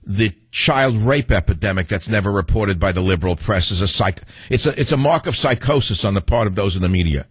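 A man's voice: fairly low pitch, animated, fairly quick, hardly any pauses, slightly rough, no echo. A middle-aged man hosting a talk radio show, ranting combatively and taking calls. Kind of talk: talk radio monologue and call-in.

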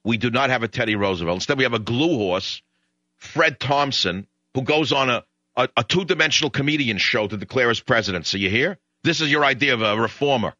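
A man's voice: medium pitch, lively intonation, fairly quick, bright, forceful tone, no room sound, dull audio. A man hosting a political talk radio show, ranting in a sarcastic, exasperated way. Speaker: radio host.

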